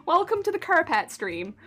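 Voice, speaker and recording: A woman's voice: high-pitched, very animated, normal speed. A woman streaming while she crafts a cosplay, chatting casually, giggling often and reading out her chat. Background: soft background music.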